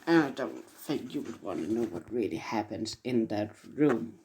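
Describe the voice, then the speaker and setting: A man's voice: on the low side, lively intonation, moderate pace, a little mellow, slight background noise. A man voicing a cagey male owner in a fan story, evasive and warning.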